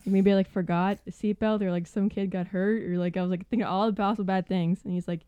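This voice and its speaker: A young woman telling a work story casually on a podcast, animated and full of "like" fillers. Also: medium pitch, fast talker, clear, resonant tone, dry recording.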